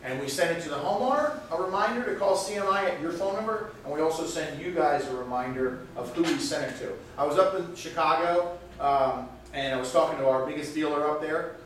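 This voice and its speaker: A man's voice: a little high, a little fast, few pauses, slight background noise. Upbeat man giving sales training in an echoey room. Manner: upbeat, chatty, laughs between points. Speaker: product trainer. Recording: echoey room, mic far off.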